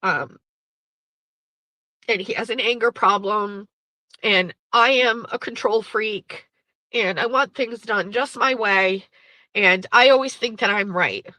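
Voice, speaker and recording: A woman's voice: mid-range voice, takes it slowly, long pauses, bright, forceful tone, dry recording, low-quality recording. A woman host in her thirties, candidly telling a personal story with blunt, profane, emotional language. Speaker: podcast host.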